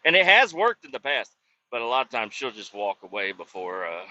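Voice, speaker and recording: A man's voice: medium pitch, very animated, a little fast, pushed and bright, lo-fi sound. A man hosting a podcast, telling a work story in a rambling, foul-mouthed way and often doubting himself as he goes. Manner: rambling, heavy swearing, self-doubting asides. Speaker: podcast host; industrial cleaning worker. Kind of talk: casual profane storytelling.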